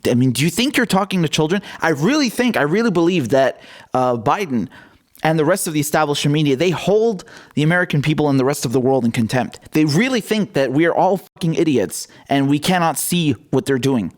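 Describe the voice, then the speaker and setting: A man's voice: a little high, animated, fairly quick. A male host giving casual political commentary in a blunt, indignant way, with some swearing.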